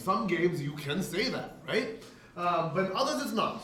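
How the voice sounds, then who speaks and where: A man's voice: sits high, fairly bright tone. A man giving a chatty talk to game masters, tagging lines with "right?" and acting out quotes. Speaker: presenter. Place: event space. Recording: echoey hall, voice from far off, faint room noise.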